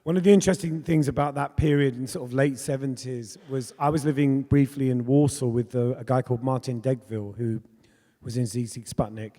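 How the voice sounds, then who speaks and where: A man's voice: medium pitch, steady tone, fairly quick, dark tone. A man in his fifties, a pop musician telling stories in an onstage conversation, chatty and laughing often. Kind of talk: candid storytelling in an onstage conversation. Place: festival talk in a hall. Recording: long hall reverb.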